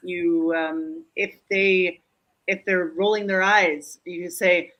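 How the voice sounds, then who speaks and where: A woman from Germany, a speaking coach, talking in a live online interview in an animated, joking way, often checking in with "Yeah?". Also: fairly low pitch, low-quality recording. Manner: animated, joking, quick asides. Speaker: guest speaker and humor coach. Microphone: video call.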